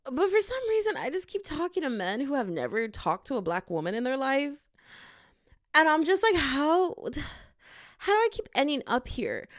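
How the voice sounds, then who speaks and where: Animated young woman telling a story. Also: on the high side, no room sound, clean studio sound. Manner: animated, laughing, dramatic quoted asides. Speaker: podcast host. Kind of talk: casual storytelling rant.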